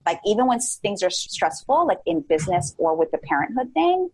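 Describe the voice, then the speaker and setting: A woman in her forties, a podcast guest, talking in a casual and animated way with lots of "like" fillers, often acting out her own past thoughts. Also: medium pitch, brisk, slightly rough, low-quality recording. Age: 40s. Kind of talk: casual interview chat.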